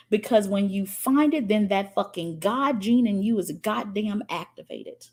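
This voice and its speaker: A woman's voice: medium pitch, expressive, unhurried, few pauses, darkish tone. A woman coaching spiritually on a livestream, answering comments in a fiery, profane, preachy way.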